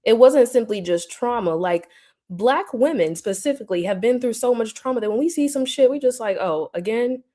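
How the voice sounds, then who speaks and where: A woman's voice: a little high, animated, brisk, mellow. A woman hosting a casual livestream, answering her chat with teasing remarks and frequent laughter. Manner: laughs often, teasing and mocking.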